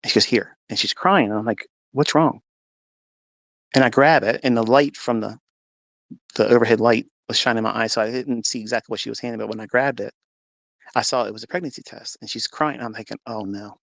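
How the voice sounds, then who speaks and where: A man's voice: mid-range voice, fairly even intonation, brisk, gravelly, fairly bright tone, dry recording. A man earnestly telling a personal story in a live audio room, acting out what people said with rising intensity. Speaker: host.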